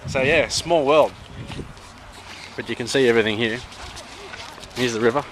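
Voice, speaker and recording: A travel vlogger from Sydney, speaking with an Australian accent in a medium-pitched voice at a moderate pace, chats upbeat to the camera outdoors by a river on a hot day. He's chatty and throws in slangy asides, with a noisy background behind him.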